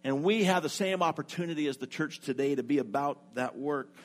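A man's voice: on the high side, a little fast. A middle-aged man preaching a sermon, telling a personal story and acting out what each person said. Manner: lively storyteller who acts out what people said. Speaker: pastor.

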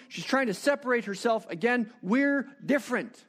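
A preacher delivering a sermon, retelling a story with animated rhetorical questions. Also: male voice, extremely high pitch, normal speed, few pauses.

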